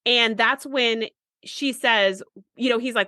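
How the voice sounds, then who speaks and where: A woman co-hosting a podcast, casually retelling an episode's plot in a relaxed way and often chiming in with "mm-hmm.". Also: on the high side, unhurried, dry recording, studio quality. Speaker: podcast co-host. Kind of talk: casual chat recapping an episode.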